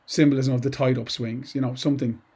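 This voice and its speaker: Warm and a bit breathy, his mid-range voice holds a level tone and moves fast. He's a middle-aged English teacher giving an informal, digressive poetry lesson with many asides and restarts.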